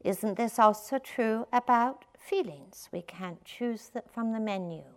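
Older woman meditation teacher, chatty dharma talk, light humor, slightly high pitch. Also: measured pace. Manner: conversational, many fillers, playful with laughs.

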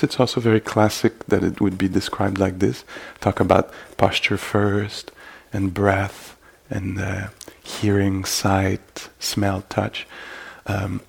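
A man giving a meditation dharma talk at a retreat, halting and full of gentle fillers. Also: lowish voice, level tone, vocal fry, breathy edge. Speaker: meditation teacher.

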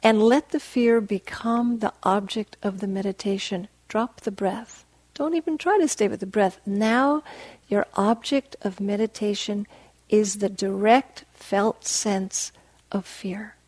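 A woman meditation teacher giving a dharma talk in a soft, gentle, unhurried voice that often drops to a hush. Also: medium pitch, fairly even intonation, dry recording. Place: meditation hall.

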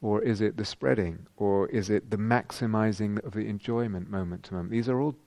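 A man with a British accent giving a dharma talk as a meditation teacher, gentle and reflective, pausing often and restarting phrases. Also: lowish voice, gravelly, no room sound. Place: retreat meditation hall.

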